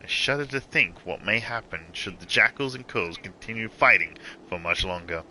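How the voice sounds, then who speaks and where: A man voicing a stern, dutiful guard officer in a formal, measured way. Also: fairly low pitch, expressive, pushed and bright, a little hiss or hum, rough recording. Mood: grave. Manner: formal, measured reading of quest dialogue.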